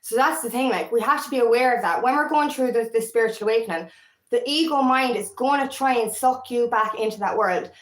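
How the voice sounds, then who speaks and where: Irish woman, empowerment coach, casual vlog monologue, candid and rambling, swears freely, highish voice, roomy echo. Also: fairly quick.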